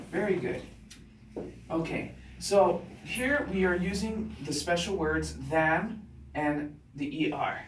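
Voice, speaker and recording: A male teacher giving a classroom grammar lesson, talking slowly and deliberately and checking in with students after nearly every point. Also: high voice, slight background noise. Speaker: English teacher. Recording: roomy classroom sound from a distant mic.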